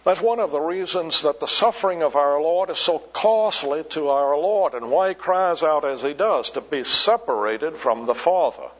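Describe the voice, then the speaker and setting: A man preaching a sermon, slow and emphatic, repeating key words for weight. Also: fairly high pitch, lively intonation, long reverb tail. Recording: dull lo-fi recording.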